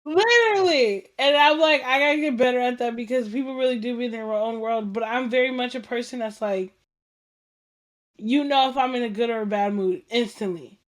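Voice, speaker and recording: A woman hosting a casual chat show, telling stories in an animated, slangy way, acting out what people said and laughing often. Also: on the high side, brisk. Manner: animated storytelling, acts out quoted dialogue, laughs often; slangy and informal. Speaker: podcast host.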